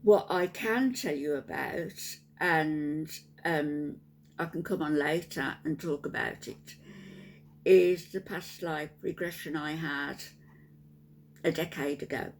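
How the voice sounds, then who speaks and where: An older woman, softly spoken and tired after a sleepless night, chatting to her viewers in a halting way with many ums. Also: deep voice, slight background noise. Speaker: vlogger. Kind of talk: casual chat to camera.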